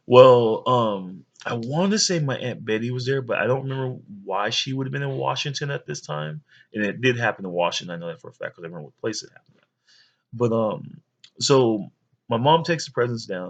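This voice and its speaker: A man's voice: fairly low pitch, fairly bright tone, highs cut off. A man in his thirties, a father rambling through a childhood story for his young sons, with many fillers. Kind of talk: storytelling home video.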